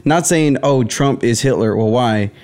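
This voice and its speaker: A man co-hosting a casual podcast, joking around and tossing in asides and quick reactions. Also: mid-range voice, darkish tone. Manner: joking, interjecting, giggly asides. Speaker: podcast co-host. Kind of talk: casual banter.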